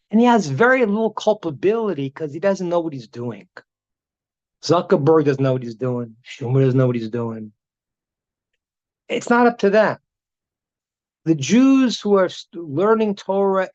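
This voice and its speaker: Rabbi talking animatedly over video call. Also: male voice, sits high. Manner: animated, repetitive, stammering restarts. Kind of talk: live online talk, storytelling. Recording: dull video-call audio.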